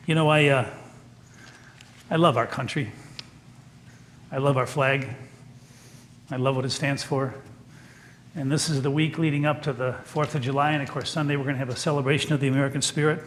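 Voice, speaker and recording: An older man preaching a sermon as pastor in a church, telling stories in a gentle, folksy, earnest way. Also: medium pitch, steady tone, brisk, pauses often, a little hiss or hum.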